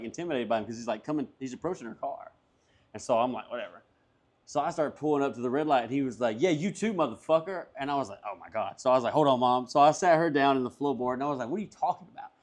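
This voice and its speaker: A young man from Alabama, a guest comedian chatting casually on an outdoor patio, telling animated, profane stories and acting out both sides of arguments. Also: medium pitch. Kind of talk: casual chat.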